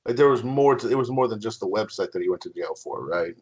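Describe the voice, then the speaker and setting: A man co-hosting a podcast, chatting casually with lots of fillers and halting starts. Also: on the low side, animated, darkish tone, muffled recording. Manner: filler-heavy, hesitant. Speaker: podcast co-host. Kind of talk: casual chat.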